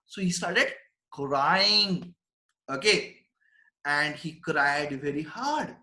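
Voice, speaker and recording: A male teacher works through a prose text line by line, reading each phrase and then restating it in simple words. His voice sits a little high for a man, and the recording has a roomy echo. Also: lively intonation, extremely slow, pushed and bright. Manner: reads a line, then paraphrases it simply and repeats it. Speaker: English teacher. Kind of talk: line-by-line literature lecture. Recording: echoey room.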